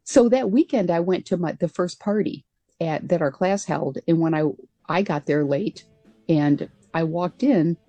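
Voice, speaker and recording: A woman's voice: on the low side, unhurried, mellow, no echo, faint music behind. A woman who was a military pilot, telling her story as a radio interview guest in an earnest, reflective way.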